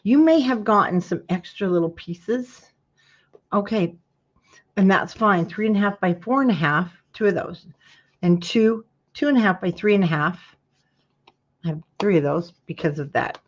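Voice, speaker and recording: A woman's voice: medium pitch, expressive, moderate pace, dull audio. A woman hosting a live craft tutorial, chatting to her viewers while she works and yawning now and then. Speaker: craft class host.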